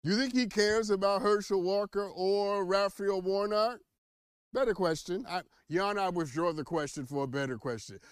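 A man hosting a podcast, giving playful, teasing commentary on headlines with dramatic swings in loudness. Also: high voice, normal speed, clean tone, no room sound. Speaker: podcast host. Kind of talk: casual political commentary.

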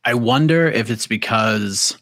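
A man's voice: on the low side, measured pace, fairly bright tone, no echo. A young man co-hosting a casual sports podcast, joking and mimicking fighters. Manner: playful, mimics people in voices. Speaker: podcast co-host.

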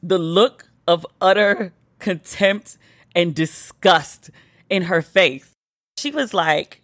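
A woman's voice: fairly low pitch, slow pace, a bit bright, no echo, clean studio sound. A woman hosting a podcast, tipsy and telling a playful story in a casual monologue, now and then mimicking her friends. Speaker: podcast host.

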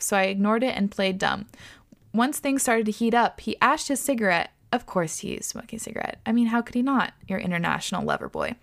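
A woman hosting a podcast, reading listener stories aloud in an expressive way, swearing and laughing often. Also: mid-range voice, creaky. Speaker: podcast host.

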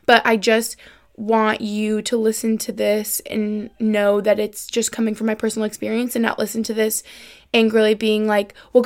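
A young adult woman hosting her own podcast, talking in a rambling, upbeat way full of fillers. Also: a little high. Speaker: podcast host. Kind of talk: casual solo podcast chat.

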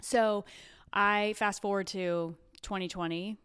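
A woman health coach, a podcast guest, talking in a relaxed, conversational way with frequent fillers. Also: medium pitch, slow pace, clear, resonant tone. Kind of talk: casual interview chat. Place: her home, seated on the floor.

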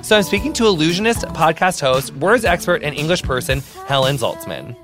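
Male podcast host with a higher-than-average voice, effusive and chatty, full of "like". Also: very animated, a little fast, over music. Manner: gushing, chatty, peppers speech with "like". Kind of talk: casual interview chat.

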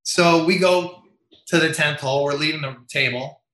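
A man's voice: fairly high pitch, moderate pace, reverberant, poor audio. A man, a veteran umpire, telling stories in an interview and acting out other people's lines in a raised voice. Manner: animated, acts out quotes with raised voice. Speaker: MLB umpire guest. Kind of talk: storytelling in interview.

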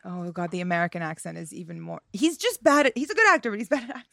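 A young adult woman chatting as a podcast guest, lively, with many fillers and easy laughter. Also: fairly low pitch, gravelly, dry recording, clean studio sound. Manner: animated, quick to laugh, frequent fillers. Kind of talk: casual chat.

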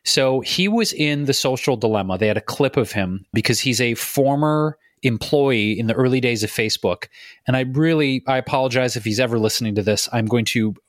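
A man's voice: medium pitch, brisk, no room sound, studio quality. A man co-hosting a podcast, talking animatedly and bluntly, swearing freely. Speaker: podcast co-host. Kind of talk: casual podcast chat.

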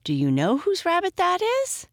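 A woman's voice: wildly swooping pitch, fairly quick, gravelly, no echo, studio quality, heavily acted. A woman voicing a bossy, demanding young girl who snaps and shrieks at others. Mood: urgent. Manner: demanding, shrill.

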